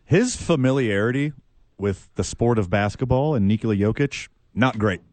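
A man's voice: medium pitch, lively intonation, moderate pace, a little mellow, no room sound. A man co-hosting a sports radio show, tossing in dry wisecracking asides. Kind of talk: casual sports talk banter.

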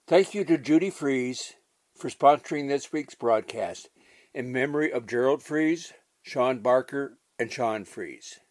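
A man's voice: mid-range voice, no room sound. A man announcing a church radio broadcast, reading the credits and sponsors in a plain, formal way. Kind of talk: scripted announcement.

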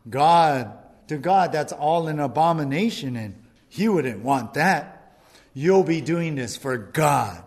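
Satan as a smooth male tempter, put on by a preacher, pitched well up from his normal voice and sometimes pulling back from the mic. He wheedles and coaxes, dressing up every lie to sound holy. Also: very animated, unhurried, a little mellow. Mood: urging. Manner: coaxing, wheedling, leaning on scripture. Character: sly tempting male devil, smooth persuader.

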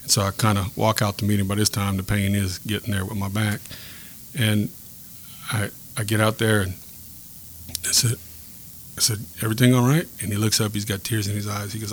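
A man sharing a personal faith story in a podcast chat, earnest and reflective, pausing and restarting as he speaks. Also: lowish voice, flat delivery, a bit bright, slight background noise. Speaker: guest telling a faith story.

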